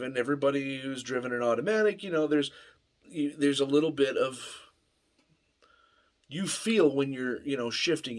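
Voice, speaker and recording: A man casually telling a rambling story in a workshop vlog, full of fillers and restarts. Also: medium pitch. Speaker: vlogger. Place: home workshop.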